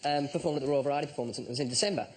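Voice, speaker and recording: A man's voice: on the high side, rough recording. An Australian man telling a comic anecdote as a panelist, acting out the quoted voices. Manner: quick storytelling, acts out the quoted voices. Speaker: comedian panelist.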